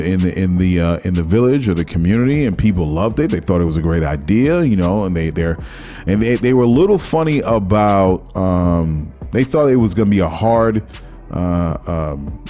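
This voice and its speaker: Low, mellow-voiced man rambling casually. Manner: rambling, conversational, searches for words. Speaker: podcast host. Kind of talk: casual solo commentary.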